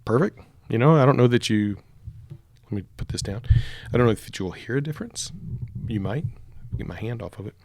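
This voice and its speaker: Gravelly-voiced man, loose and jokey, talking up close into a mic he is reviewing. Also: mid-range voice, lively intonation, fairly quick, pauses often, a little mellow, no room sound. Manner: joking, rambling, tests mic aloud. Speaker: product reviewer. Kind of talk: casual unboxing chat. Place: home room with hardwood floors. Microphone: close broadcast microphone.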